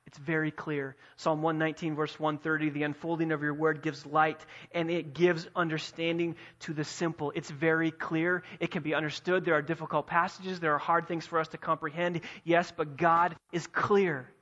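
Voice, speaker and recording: A man preaching a sermon as pastor, emphatic, building to forceful peaks and dropping low again. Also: flat delivery, brisk, hardly any pauses, dull audio. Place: church sanctuary.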